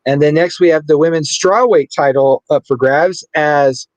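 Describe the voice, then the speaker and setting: A man trades casual, playful sports talk as a podcast co-host and sometimes gets names tangled. His pitch is a little high, his speed normal, and the recording rough with no echo.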